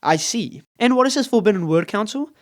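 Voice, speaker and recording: A man's voice: sits high, expressive, a little fast. A young man playing a pompous mock courtroom judge, formal and mock-grave. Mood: mock solemn.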